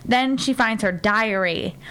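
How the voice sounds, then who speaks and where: A young woman recounts a TV episode to friends in a loose, rambling chat. Her voice sits a bit high, and she scatters "like" through every sentence. She keeps slipping into quick impressions of the characters. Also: fairly bright tone. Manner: rambling, frequent "like" fillers, acts out lines in character voices. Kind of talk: casual chat recapping a TV episode.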